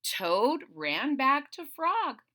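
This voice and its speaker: A woman reading a children's story aloud in an animated, expressive way, talking to young listeners. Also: high-pitched, extremely slow.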